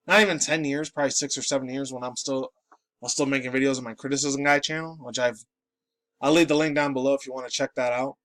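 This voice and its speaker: A groggy New York City man in his late twenties, just out of bed, rants and rambles through profane, casual commentary as a pop culture vlogger. His voice is mid-range, and there is no room sound.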